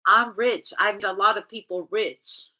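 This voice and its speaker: A woman's voice: mid-range voice, steady tone, unhurried, sharp tone, low-quality recording. A woman giving a casual tarot reading in a blunt, chatty, profane way. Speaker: tarot reader.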